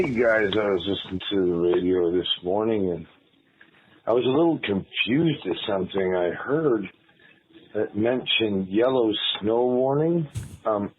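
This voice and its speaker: A man's voice: on the low side, slight background noise. A man leaving a voicemail, asking a puzzled, rambling question. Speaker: caller. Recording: phone line voicemail.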